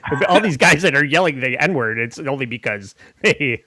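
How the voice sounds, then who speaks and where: A man's voice: mid-range voice, lively intonation, moderate pace, sharp tone, dry recording, clean studio sound. A man hosting a podcast in casual chat, rambling and often laughing. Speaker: podcast host.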